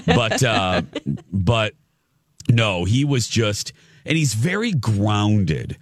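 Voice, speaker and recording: A man's voice: on the low side, big pitch swings, extremely slow, no room sound, studio quality. A man hosting an entertainment show, chatting casually and enthusiastically as he retells a celebrity encounter in a gushing, storytelling manner. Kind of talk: casual chat.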